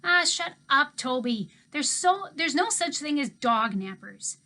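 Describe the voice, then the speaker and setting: A woman voicing a stubborn young girl who answers loudly and snappishly. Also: high voice, lively intonation, brisk, pitched above the performer's own voice. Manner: snappish, loud and insistent. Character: defensive, stubborn young girl, big sister.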